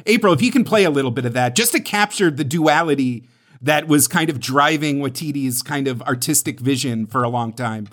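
A man's voice: medium pitch, brisk, a bit bright. A man co-hosting a podcast, chatting casually and rambling with lots of fillers and restarts. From United States. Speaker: podcast co-host.

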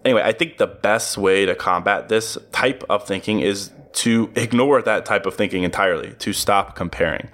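A man's voice: fairly low pitch, moderate pace, hardly any pauses, a bit bright. A young adult man hosting a solo motivational podcast, casual and upbeat, often chuckling at his own jokes. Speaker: podcast host.

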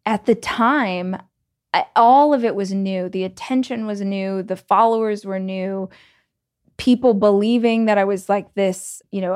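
A Southern American woman hosts her podcast in a loose, chatty monologue. She tells her story casually, filling her sentences with "like" and "you know." Her voice sits at a middle pitch. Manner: chatty, animated, many "like"s and laughs. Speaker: podcast host and author.

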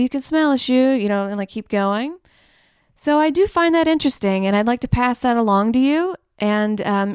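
Bright-voiced woman co-hosting a casual chat. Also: a little high, smooth, no echo, studio quality. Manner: rambling, laughing, swearing casually. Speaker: podcast co-host.

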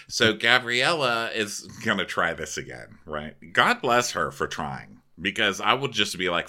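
A man's voice: fairly low pitch, very animated, a little slow, few pauses, pushed and bright. A man co-hosting a comedy recap podcast, cracking crude, sardonic jokes. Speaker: podcast co-host.

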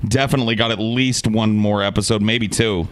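Enthusiastic man pitching to viewers. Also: steady tone, fairly quick, smooth. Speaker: podcast regular. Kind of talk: casual chat.

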